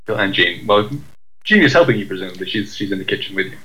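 A man's voice: low voice, animated, quick pace, bright, forceful tone, rough recording. A man hosting a casual podcast chat, teasing and wry.

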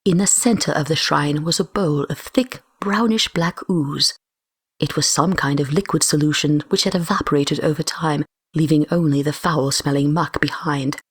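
Low, husky woman reading a story. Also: normal speed, no room sound, clean studio sound. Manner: steady storytelling, raising her voice for shouted lines. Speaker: narrator. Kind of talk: first-person fiction reading.

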